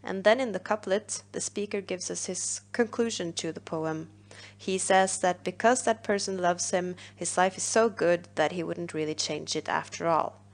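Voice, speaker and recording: A woman teacher, patiently explaining a poem in a recorded literature lesson, pausing on fillers. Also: lowish voice.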